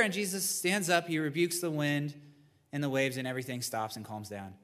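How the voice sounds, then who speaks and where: A male pastor gives a sermon in a church sanctuary, addressing the congregation conversationally and dropping in asides. His voice sits on the high side, bright and forceful, and moves a little fast. The large hall adds a long reverb.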